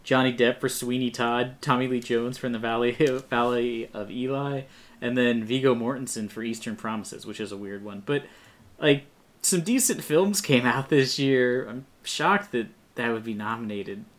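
A man's voice: medium pitch, moderate pace. A man hosting a podcast in casual chat, with a dry, sarcastic sense of humor. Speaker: podcast host.

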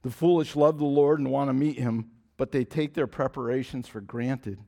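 A man preaching a sermon in an earnest style, repeating phrases and restarting often, dropping to a soft, low voice for emphasis. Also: fairly even intonation, moderate pace, gravelly. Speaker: pastor.

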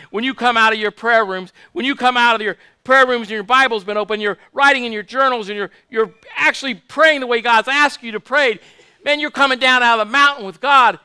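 High, bright-voiced man preaching. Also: clear, resonant tone, dry recording. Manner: fervent, repetitive, asks the congregation for amens. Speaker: pastor. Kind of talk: sermon.

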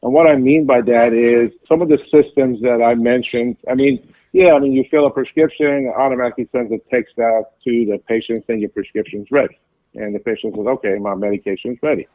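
A man talking as a guest in an interview, explaining at length with halting speech, frequent fillers and restarts. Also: medium pitch, steady tone, dry recording. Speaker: pharmacy business guest. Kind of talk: casual interview chat. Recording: tinny phone line.

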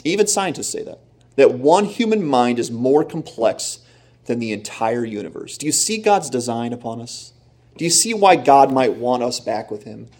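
A man preaching a sermon in a lively, animated way, often acting out the voices in the story he tells. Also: mid-range voice, husky. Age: young adult or middle-aged, father of children. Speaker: pastor.

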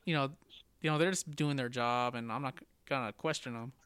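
A man's voice: medium pitch, fairly quick, a bit bright, clear, resonant tone, no room sound, studio quality. A young man who is a podcast guest, telling laid-back joking anecdotes in a casual chat.

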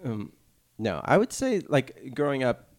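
A man's voice: medium pitch, very animated, measured pace, darkish tone, no room sound, clean studio sound. A man hosting a casual conversation, steering it with joking banter. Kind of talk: casual chat.

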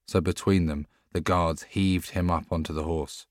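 A man narrating an audiobook in a measured, steady storytelling manner. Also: low voice, dry recording, clean studio sound. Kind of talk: scripted narration.

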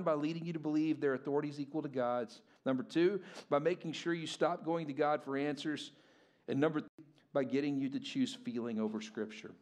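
A man in his thirties preaching a sermon as pastor, animated and emphatic, often checking in with "okay?" and "all right?". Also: mid-range voice. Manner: animated, rising to emphatic peaks, frequent "okay?" check-ins.

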